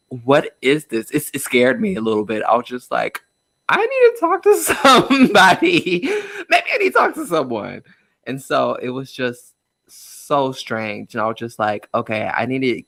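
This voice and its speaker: This young man, a guest talking inside a car, opens up emotionally about something personal, leaning on fillers and laughing nervously. His medium-pitched voice has a fairly bright tone, and there's no echo.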